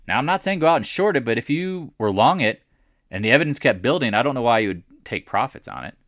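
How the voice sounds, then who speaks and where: A man's voice: mid-range voice, animated, quick pace, a bit bright, no room sound, studio quality. A man walking through stock charts in casual commentary, blunt and mocking, firing off rhetorical questions. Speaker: market commentator.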